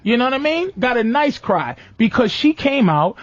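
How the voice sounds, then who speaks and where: Man with a high, lively voice. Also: moderate pace, no room sound, muffled recording. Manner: animated storytelling with acted-out quotes. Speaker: radio show host. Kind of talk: loose comedic radio talk.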